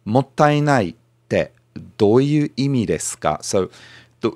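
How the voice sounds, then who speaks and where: A man's voice: medium pitch, expressive, slow, darkish tone, no echo. A man hosting a language podcast, chatting and explaining phrases step by step. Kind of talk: conversational language lesson.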